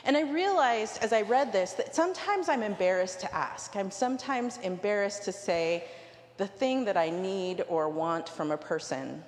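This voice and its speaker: A woman's voice: medium pitch, lively intonation, a little slow. A woman preaching a sermon in a cathedral. She tells a personal story and acts out the quoted dialogue. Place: large cathedral. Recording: roomy hall with long reverb.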